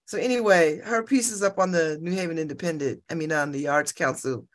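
A woman's voice: sits low, a little fast. A woman hosting a radio talk show, chatting casually, laughing and repeating herself.

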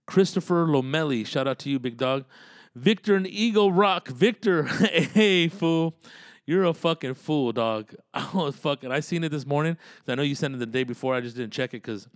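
A man's voice: a little high, animated, moderate pace, no room sound, clean studio sound. A man hosting his own podcast, rambling in a loose monologue full of cursing and street slang. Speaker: podcast host and comedian.

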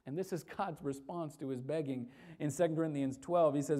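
A woman's voice: sits low, brisk, dark tone. A woman preaching a sermon with emphasis, repeating key phrases and asking the listeners rhetorical questions.

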